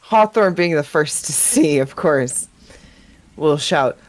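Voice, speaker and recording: A woman playing in a tabletop game, describing her character's actions in a quick, animated way. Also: on the low side, dry recording. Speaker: player.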